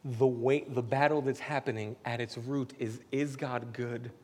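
A man preaching a casual, heartfelt sermon that moves between hushed whispers and loud, emphatic passages. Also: medium pitch, steady tone, unhurried, husky. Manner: casual, uses "man" and "y'all". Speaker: pastor. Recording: hall with faint background noise.

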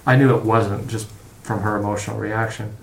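A middle-aged man, a podcast guest, talking casually in a halting, profane way with many restarts. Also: on the low side, fairly even intonation, gravelly, slight background noise. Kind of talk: casual conversation. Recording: roomy echo.

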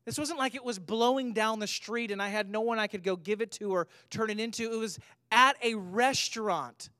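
A man's voice: very high-pitched, fairly bright tone, dry recording, clean studio sound. A man in his thirties, a pastor giving a sermon, telling a personal story with humor and rising to emphatic points.

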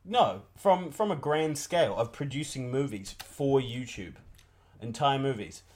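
A man playing a brash, swearing young wannabe film director who pitches himself to a panel. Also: expressive, a little mellow, close to an everyday voice. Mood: pitching. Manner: swears a lot, quick to take offence. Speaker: podcast co-host.

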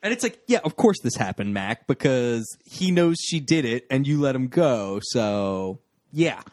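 A man's voice: medium pitch, very animated, unhurried, darkish tone, no echo, studio quality. A man co-hosting a podcast in casual chat, playful and joking, with the odd swear. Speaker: podcast co-host.

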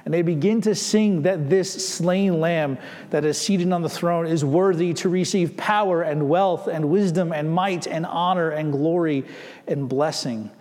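A man's voice: on the high side, measured pace, darkish tone. Male pastor preaching in a reverberant hall. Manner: preaching with frequent rhetorical "right?" checks. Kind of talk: sermon.

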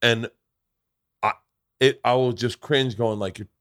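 Male podcast host, mid-pitched, profane yarn-spinner, dry booth sound. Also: fairly even intonation, a little slow, fairly bright tone, dry recording. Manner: profane storyteller, acts out quotes in voices. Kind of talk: casual chat.

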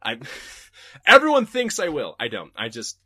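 A young man hosting a podcast, answering listener questions in a casual, profane, animated rant from his home desk. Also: a little high, a little slow, husky, dry recording, studio quality.

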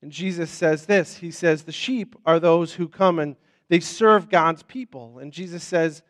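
A man's voice: a little high, animated, unhurried, no room sound. A man preaching as a pastor in an informal, conversational sermon. He often repeats words, restarts his sentences and checks in with "right?".

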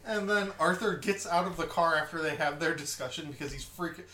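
A man's voice: a little high, brisk, bright, forceful tone. A man co-hosting a podcast, casually retelling movie scenes and swearing. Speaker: podcast co-host. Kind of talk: casual chat. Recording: echoey room.

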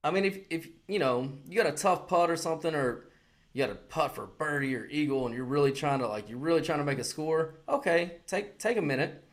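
A man chats casually on a podcast, a touch higher in pitch than most men. He tells stories in an animated, profane way and slips into other people's voices to quote them. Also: brisk. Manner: animated storyteller, heavy swearing, acts out quotes. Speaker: podcast co-host. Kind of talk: casual chat.

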